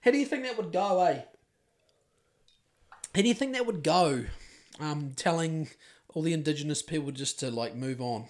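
A man's voice: fairly high pitch, lively intonation, normal speed, long pauses, darkish tone. A man with a New Zealand accent co-hosting a podcast in casual chat, rambling, crude and sardonic, often trailing off and restarting his sentences. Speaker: podcast co-host.

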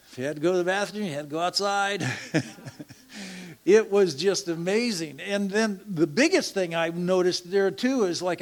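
A middle-aged man telling a church testimony in a slow, halting way, with laughs and hushed asides. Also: high voice. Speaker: church member sharing a testimony.

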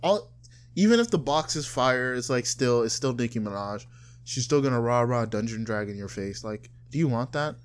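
A man's voice: mid-range voice, moderate pace, clear, resonant tone. Joking, crude young man chatting. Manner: joking, crude, animated storyteller. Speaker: podcast co-host. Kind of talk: casual chat.

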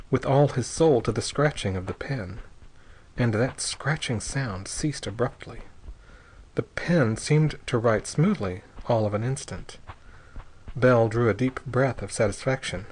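Guy reading an audiobook, steady and measured, mid pitch. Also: husky, rough recording. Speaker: narrator. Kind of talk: audiobook narration.

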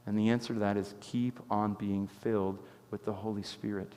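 A man preaching a sermon as pastor, telling stories with animated swings from loud exclamations to quiet intensity. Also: on the low side, moderate pace, in a large hall. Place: church sanctuary.

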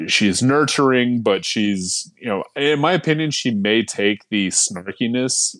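A man co-hosting a casual film podcast, who gives his opinions in a measured way. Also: medium pitch, lively intonation, a bit bright, no echo. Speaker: podcast co-host. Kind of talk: casual chat.

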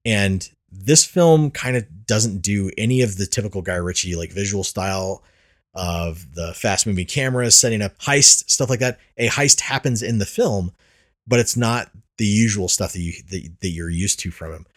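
A man's voice: lowish voice, animated, normal speed. A man hosting a casual podcast, talking loosely with frequent fillers and restarts. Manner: rambling, many restarts and fillers. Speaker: podcast host. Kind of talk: casual chat about movies.

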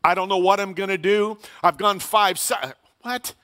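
A man's voice: high-pitched, steady tone, moderate pace, bright, forceful tone. A middle-aged man preaching a sermon in a conversational way, asking rhetorical questions and repeating key phrases. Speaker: pastor.

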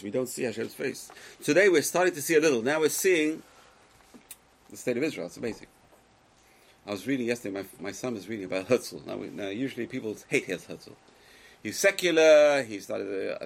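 A man giving a Torah lecture to a live class, speaking emphatically, swinging between loud exclamations and quiet asides, and putting questions to his listeners. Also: medium pitch, animated, a little fast, gravelly, poor audio. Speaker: Torah teacher.

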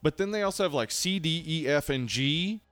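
A man's voice: a little high, expressive, normal speed, music in the background. A man co-hosting a podcast in casual chat, laid-back and swearing, often trailing off and restarting. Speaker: podcast co-host.

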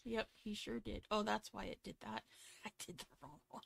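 A woman's voice: medium pitch, moderate pace, vocal fry, slightly rough, dry recording. A woman co-hosting a podcast, chatting casually, laughing often and reading sponsor copy with some stumbles. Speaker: podcast co-host. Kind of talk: casual chat with a read sponsor ad.

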